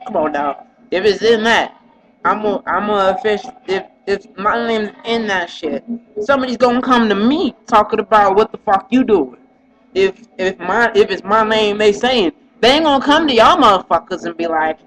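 A man's voice: high voice, moderate pace, fairly bright tone, poor audio. A man telling a rambling, profane, agitated story in a casual vlog monologue.

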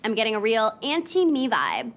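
A nasal, fry-heavy valley girl. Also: a little high, big pitch swings, moderate pace, a bit bright. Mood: chirpy. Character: vain, clueless blonde young woman. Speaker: film character.

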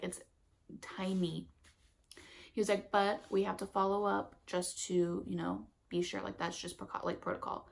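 A woman's voice: fairly low pitch, gravelly. A young pregnant woman telling a story in a casual, chatty vlog, full of fillers and laughing as she goes. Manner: chatty, lots of fillers, emotional retelling. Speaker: vlogger.

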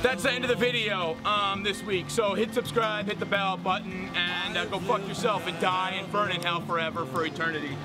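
High, whiny young man in a comedy sketch. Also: fairly even intonation, normal speed, few pauses, over loud music, poor audio. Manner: whiny, exaggerated, crude outbursts.

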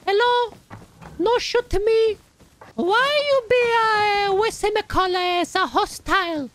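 Nonna Maria, shrill old Italian grandma. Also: male voice, takes it slowly, fairly bright tone, a little hiss or hum, exaggerated voice. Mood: indignant. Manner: broken English, pleading. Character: little old Italian grandma cleaner, pushy. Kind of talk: in-game voice chat role-play.

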